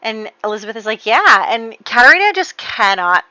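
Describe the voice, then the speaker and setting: A woman's voice: a little high, sing-song, brisk, bright, forceful tone, no room sound, poor audio. A woman casually retelling the drama of her life-simulation game, chatty and full of fillers, laughing at her own story. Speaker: gameplay narrator. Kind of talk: casual storytelling over gameplay.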